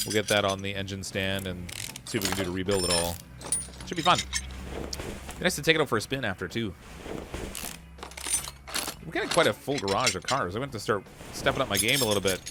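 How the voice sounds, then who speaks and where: This Canadian streamer has a lowish voice, with background noise and music behind him as he plays a car repair game. He's easygoing and rambling, reading viewer comments with frequent "uh" and chuckles.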